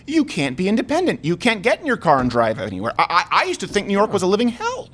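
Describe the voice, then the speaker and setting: A man's voice: high voice, huge pitch swings, fast talker, a bit bright. A man hosting a political talk show, emphatic and argumentative, with sarcastic asides. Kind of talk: opinionated political commentary chat.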